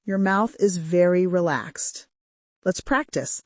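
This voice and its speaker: A woman with a modern British accent teaching pronunciation, modelling each sound slowly and carefully. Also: mid-range voice, sing-song, dry recording. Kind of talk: scripted language lesson.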